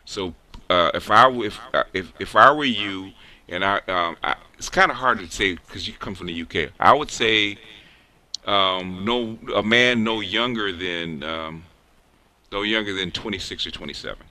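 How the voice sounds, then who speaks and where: Guy running a group hangout, stop-start talk, low-ish voice, super bright and punchy. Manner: halting, many restarts and fillers. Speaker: host of an online group call. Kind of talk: casual group discussion.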